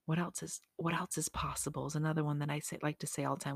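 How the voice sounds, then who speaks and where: A woman's voice: deep voice, flat delivery, fast talker, slightly rough, dry recording, clean studio sound. A woman hosting a motivational podcast, chatty and upbeat, often correcting herself and making asides to herself. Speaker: podcast host.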